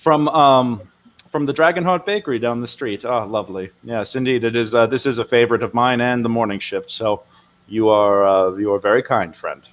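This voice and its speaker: A man voicing a formal, polite middle-aged guard captain with measured speech, over dull lo-fi audio. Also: mid-range voice, natural voice. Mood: courteous.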